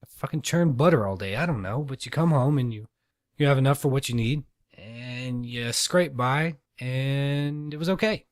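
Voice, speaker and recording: Here the solo podcaster has a mid-range voice, captured studio-clean without echo. His talk is loose and rambling, full of swearing and jokes at his own expense.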